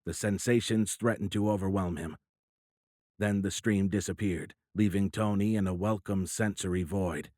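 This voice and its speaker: Male audiobook narrator, low voice, steady and measured, dry close-mic studio sound. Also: dry recording. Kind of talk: scripted narration.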